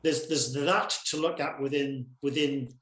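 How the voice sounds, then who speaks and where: A man's voice: mid-range voice, fairly even intonation, measured pace, fairly bright tone, slight background noise. A man from the UK with a British accent, a guest talking animatedly and often repeating words as he thinks. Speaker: guest videographer. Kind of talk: casual conversation. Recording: echoey room.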